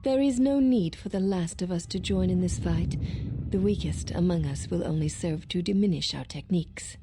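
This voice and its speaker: An actress voicing a stern, formal female warrior in a video game, speaking in measured, solemn lines. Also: fairly low pitch, background noise, natural voice. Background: game music.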